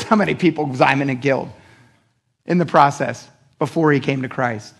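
A man's voice: mid-range voice, normal speed, vocal fry, fairly bright tone. A man preaching a Sunday sermon in a casual, slangy way, often acting out what people in the story said. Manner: casual, slangy preaching that acts out quoted speech. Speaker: pastor.

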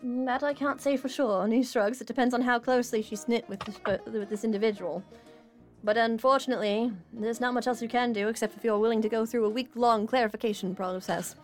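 A woman narrating as game master of a tabletop game, animated and laughing often. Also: on the high side, fast, soft background music.

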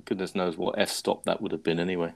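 Give me a podcast host with a low, gravelly voice telling a rambling, self-mocking story. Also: male voice, level tone, fairly quick. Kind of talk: casual chat.

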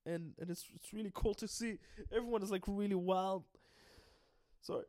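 Excitable high-voiced man recapping a story. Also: normal speed. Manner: excitable, swears freely, stumbles and restarts. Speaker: anime and manga recap host. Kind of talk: casual recap.

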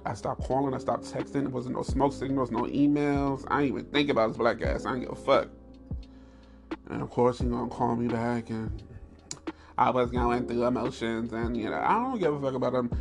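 Gravelly man ranting on a podcast. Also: a little fast, over music. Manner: animated, profane storytelling with high squeals and laughs. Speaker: podcast host. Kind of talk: candid podcast monologue.

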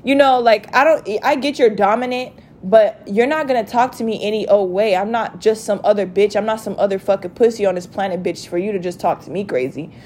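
A young woman telling a story to her viewers in a casual rant, profane and animated. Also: mid-range voice, fairly quick, few pauses, slight background noise. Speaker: vlogger.

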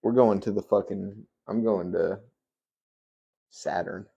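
A man's voice: fairly low pitch, fairly even intonation, slow, creaky, mellow, breathy edge, highs cut off. A man co-hosting a podcast, joking and swearing in casual chat. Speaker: podcast co-host.

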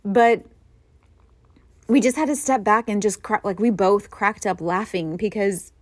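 A woman's voice: mid-range voice, measured pace, no echo. Middle-aged woman telling a rambling story. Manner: rambling, self-mocking storytelling with frequent laughs. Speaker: podcast host. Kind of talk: casual chat.

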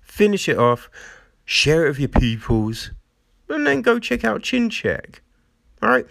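A man hosts his own show in a loose, rambling monologue, swearing and breaking into laughter. His pitch swings widely while he takes his time with the words. The sound is dry and close. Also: huge pitch swings, measured pace, gravelly, fairly bright tone, no room sound. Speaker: show host. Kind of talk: casual monologue.

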